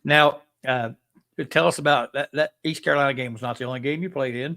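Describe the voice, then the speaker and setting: A man hosting an interview, asking a long question with halting, filler-heavy phrasing. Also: mid-range voice, fairly even intonation, sharp tone. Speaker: host.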